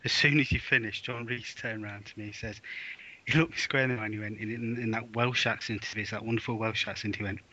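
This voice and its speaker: A man's voice: medium pitch, steady tone, fast talker, pushed and bright. Jovial man on a muffled line. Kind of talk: casual podcast chat.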